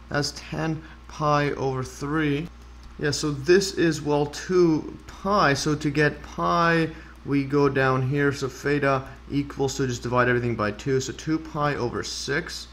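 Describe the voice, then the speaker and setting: A man's voice: mid-range voice, a bit bright. A man explaining a math problem in a casual screen-recorded lesson, thinking aloud with frequent fillers and self-corrections, and keen on the animation he shows. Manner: enthusiastic about the animation. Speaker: math tutor.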